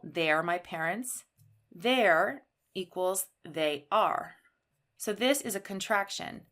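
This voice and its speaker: Woman teaching English slowly and clearly. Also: medium pitch, a bit bright. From Canada. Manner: slow, clear, stresses key words. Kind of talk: ESL grammar lesson.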